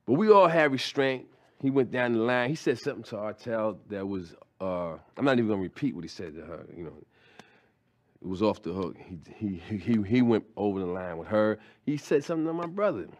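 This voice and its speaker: A man's voice: lowish voice, lively intonation, fairly quick, darkish tone. A middle-aged man doing stand-up, telling a story in a loose, conversational way with slang and restarts. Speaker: stand-up comedian.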